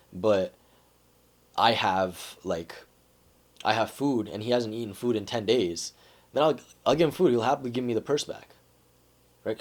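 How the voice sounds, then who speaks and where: A man with a somewhat low, husky voice talks through an idea in a loose, conversational way. He keeps asking "right?" to check that the listener is following. It sounds like a relaxed self-help vlog. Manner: conversational, says "right?" and "like" often. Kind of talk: casual explainer monologue.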